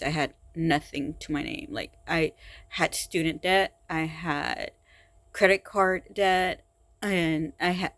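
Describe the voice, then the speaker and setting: A woman speaking in a personal vlog, tired and frustrated, talking haltingly with many sighs and restarts. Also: low voice, fairly bright tone, no echo. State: exhausted and frustrated. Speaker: vlogger.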